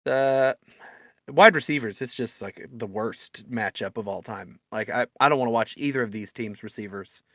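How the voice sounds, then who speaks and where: A man's voice: mid-range voice, moderate pace, a bit bright, no echo, clean studio sound. A man co-hosting a casual sports podcast, joking and blunt in his opinions. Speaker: podcast co-host.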